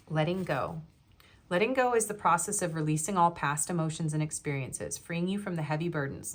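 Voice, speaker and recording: Woman with a low voice doing a tarot reading, rambly, trails off a lot. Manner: rambling, trails off mid-sentence; reads card meanings quickly, then chats loosely. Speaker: tarot reader. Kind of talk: pick-a-card tarot reading.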